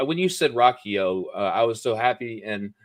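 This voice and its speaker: A man hosting a casual live-stream chat, talking in an upbeat, rambling way with many pauses and fillers. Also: fairly low pitch, expressive. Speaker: host.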